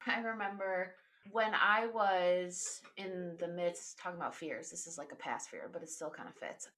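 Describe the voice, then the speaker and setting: A young adult woman in casual chat, telling animated stories and laughing often. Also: on the low side, moderate pace.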